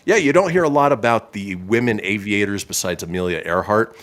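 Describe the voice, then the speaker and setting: A man's voice: lowish voice, brisk. A man hosting a radio show in casual banter, reading history items and laughing often. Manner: lively, laughs often, loud segment openers.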